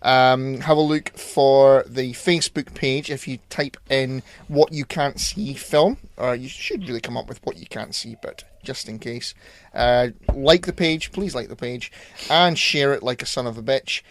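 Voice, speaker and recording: A man's voice: medium pitch, a little slow, slight background noise. A young man co-hosting a podcast in casual banter, blunt and sardonic, swearing freely. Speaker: podcast co-host and filmmaker.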